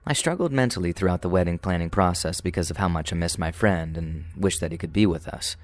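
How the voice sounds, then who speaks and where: A man narrating true paranormal stories in a calm, steady, scripted way. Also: low-pitched, fast, no echo. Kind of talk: scripted horror story narration.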